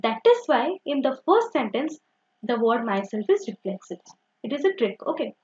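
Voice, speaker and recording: A young woman teaching grammar, with a high, very lively voice that jumps up and down. She explains patiently, repeating herself and filling pauses with "okay" and "so." The recording sounds dull and lo-fi. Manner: repetitive, uses "okay" and "so" often, self-correcting.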